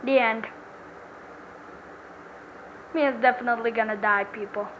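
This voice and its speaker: A woman's voice: fairly high pitch, steady tone, measured pace, muffled recording, slight background noise. A woman hosting a casual let's-play video, talking to viewers in a playful, giddy way. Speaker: gaming channel host.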